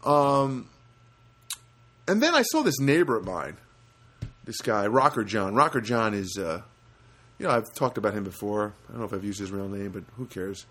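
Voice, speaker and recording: Animated man telling a rambling story. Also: brisk, slightly rough. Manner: animated, jumps to high pitch for quoted voices and honk sounds; rambling with frequent restarts and asides. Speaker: comedic storyteller. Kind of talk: rambling anecdotal monologue.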